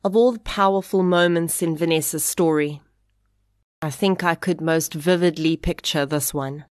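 A woman narrating a podcast, reading a measured, reflective script. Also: sits low, no room sound, studio quality.

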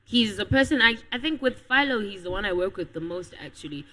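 A woman in her twenties, a singer, answering questions in a casual radio interview in a soft, easygoing way. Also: mid-range voice, animated, fairly quick, slight background noise, poor audio. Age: 20s. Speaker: guest singer.

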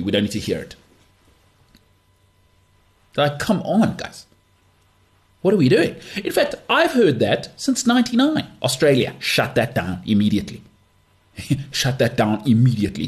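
A podcast host from South Africa delivers opinionated sports commentary by himself. His voice is on the low side and a little mellow, though his manner is emphatic and dismissive, with phrases repeated for effect.

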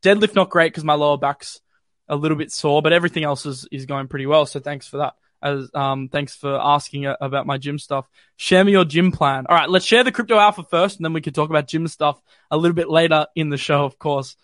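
A man's voice: on the high side, steady tone, brisk, fairly bright tone, no echo, studio quality. Young Australian man, casual stream host. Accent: mild city Australian. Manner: chatty, filler-heavy, reads viewer comments. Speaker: crypto livestream host. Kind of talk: casual live-stream chat. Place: home bedroom.

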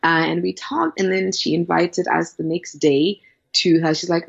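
Gravelly, husky woman, lower pitch. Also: fairly even intonation, normal speed. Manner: enthusiastic, emphatic storyteller. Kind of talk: casual chat. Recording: dull lo-fi sound.

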